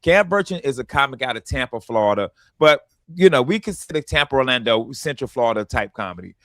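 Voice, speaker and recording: A man hosting a radio comedy show, telling stories in a casual, animated way and acting out what people said to him. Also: mid-range voice, fast talker, dry recording. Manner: animated storytelling, acts out quotes.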